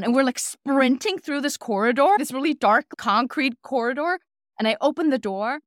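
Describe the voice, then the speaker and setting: A woman co-hosting a podcast who tells stories in a casual, animated way and acts out the quotes. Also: high voice, moderate pace, no room sound, studio quality. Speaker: podcast co-host. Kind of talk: casual conversational storytelling.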